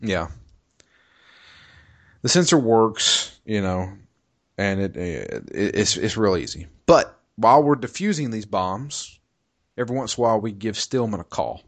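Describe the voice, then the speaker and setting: Recapping a game on a podcast, a man with a fairly low, animated voice speaks at a measured pace. His retelling is casual and rambling, with plenty of swearing and frequent laughter.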